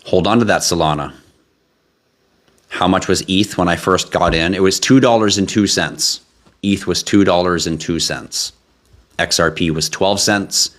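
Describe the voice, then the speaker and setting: A man with a very low voice hosts a casual live stream from a home studio. He talks straight to his viewers in a lively, chatty way. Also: a little slow. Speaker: livestream host.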